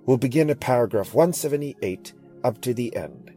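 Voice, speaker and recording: A man's voice: mid-range voice, lively intonation, moderate pace, mellow, faint music behind. A man giving a polite, formal scripted introduction as the program's announcer.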